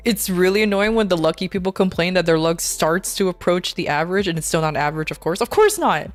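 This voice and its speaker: A woman's voice: lowish voice, steady tone, fast talker, dry recording, soft background music. A woman VTuber streamer chatting casually while gaming, rambling and ranting in an exasperated way.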